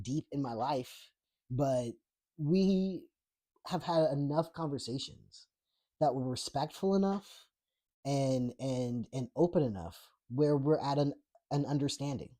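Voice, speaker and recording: Profane laughing podcast host, mellow voice. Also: male voice, medium pitch, expressive, unhurried. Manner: profane, blunt and laughing often; rambling with many fillers and restarts. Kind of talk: casual political rant reading live chat.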